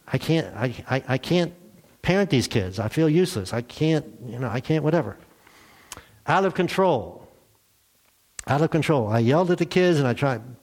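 A man's voice: a little high, darkish tone. An older man preaching a sermon in a church, speaking to his congregation in a conversational, self-deprecating way. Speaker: pastor.

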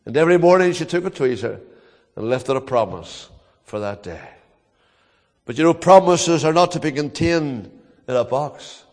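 An older man with a Northern Irish accent preaching a sermon as a pastor, telling stories earnestly with dramatic pauses. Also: a little high, lively intonation, big-room sound.

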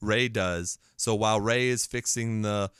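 A man's voice: lowish voice, steady tone, measured pace, a bit bright, smooth, dry recording, clean studio sound. A man co-hosting a casual movie podcast, sarcastic and playfully smug, swearing freely. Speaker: podcast co-host.

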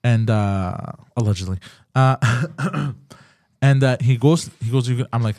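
A man's voice: medium pitch, brisk, no room sound, clean studio sound. A man hosting a podcast who tells stories in casual chat, swearing and acting out both sides of the conversation. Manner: animated, profane, acts out both sides of the story. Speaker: podcast host.

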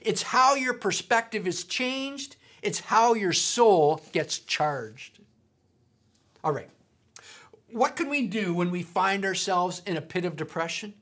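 A woman preaching a sermon, emphatic, repeating key points slowly. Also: medium pitch, animated, fairly bright tone.

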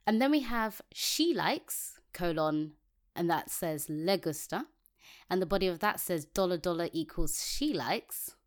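A woman's voice: on the low side, animated, measured pace. A woman co-hosting a casual technical podcast, reading code aloud step by step and laughing easily. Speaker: podcast co-host.

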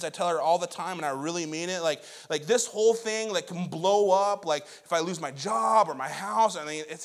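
A young man preaching a sermon, telling stories in a relaxed, conversational way with frequent restarts. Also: high voice. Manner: conversational, self-deprecating storytelling with many restarts. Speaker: pastor.

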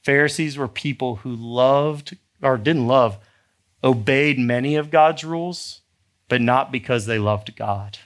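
A male pastor preaching a sermon, animated and emphatic, acting out the people in his story. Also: medium pitch, a little slow. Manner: animated, acts out characters, rising to emphatic exhortation.

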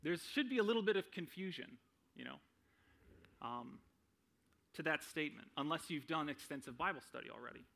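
A man's voice: fairly high pitch, expressive, brisk, vocal fry, long pauses, a bit bright. A young man giving a sermon in a conversational way, often checking in with "right?" and adding self-deprecating humor. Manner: conversational, frequent "right?" tag questions. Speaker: preacher.

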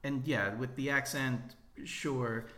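A man co-hosting a film podcast, talking casually with dry, wry remarks and pauses. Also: mid-range voice, fairly even intonation, a bit bright. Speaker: podcast co-host.

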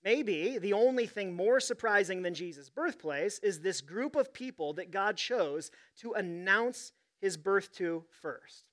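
A man's voice: high voice, animated, unhurried, few pauses, a bit bright. A man preaching a sermon as pastor, reading scripture and telling stories in a conversational, humorous way.

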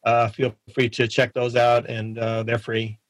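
A man's voice: mid-range voice, monotone, dry recording, rough recording. A man talking as a podcast guest in a friendly, casual way, often restarting his sentences. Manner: friendly, halting with many restarts. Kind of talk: casual interview chat.

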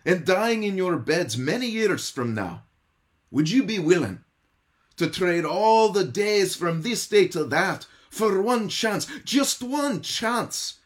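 A man's voice: high voice, voice pushed up. A man voicing a defiant Scottish warrior leader with an attempted Scottish accent, rallying his men with impassioned calls. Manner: rallying, impassioned, rising to big peaks.

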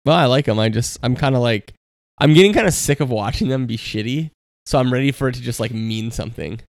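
A man's voice: mid-range voice, quick pace, creaky, dry recording, clean studio sound. A man in his thirties co-hosting a podcast, rambling in casual sports chat and saying "like" a lot. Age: 30s. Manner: rambling, heavy use of "like". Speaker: podcast co-host.

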